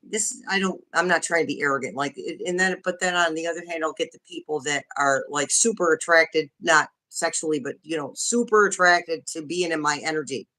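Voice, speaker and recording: A woman's voice: deep voice, brisk, few pauses, sharp tone. A woman joining a casual livestream chat by video call, speaking frankly and openly with frequent restarts. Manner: candid, frank, restarts often. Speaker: guest.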